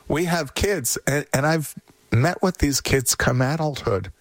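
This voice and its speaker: A man's voice: mid-range voice, dry recording. A man giving parenting advice in an easygoing conversational way, now and then acting out worried parents and children. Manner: animated, acts out parents and kids in quick voices. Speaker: parenting expert guest.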